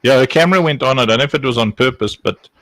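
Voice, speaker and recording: A man's voice: medium pitch, fast, a bit bright, no echo. Guy hosting a chill talk stream, jokey and rambly, dry close sound. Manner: joking, rambling with fillers. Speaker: host. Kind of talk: casual chat.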